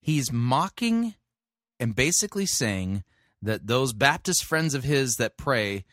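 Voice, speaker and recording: A male host reviews a sermon with a critical, corrective edge, citing scripture as he goes. His voice rises and falls in an animated way with a bright, forward tone, and it sounds dry and close. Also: medium pitch, measured pace, no room sound. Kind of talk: critical commentary and preaching.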